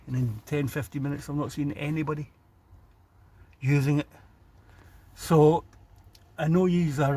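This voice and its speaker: A man's voice: fairly high pitch, a little mellow, slightly rough. A man with a Glasgow accent, chatting sardonically to camera about the street he is filming. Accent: Scottish, Glasgow. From Scotland. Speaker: vlogger. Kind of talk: casual rant while filming a street. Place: outdoors by a city road.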